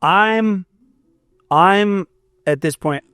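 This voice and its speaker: Speaking extremely slowly in a high, fairly bright, clean voice, a young musician from Fort Myers, Florida, tells a long rambling story on a casual podcast, with restarts and quoted dialogue. The recording is dry and studio quality.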